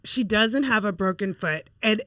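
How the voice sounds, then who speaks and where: A woman in her forties co-hosting a podcast, telling animated stories in casual chat and acting out the quotes. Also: medium pitch, moderate pace, dry recording. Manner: animated storyteller, acts out quotes. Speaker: podcast co-host.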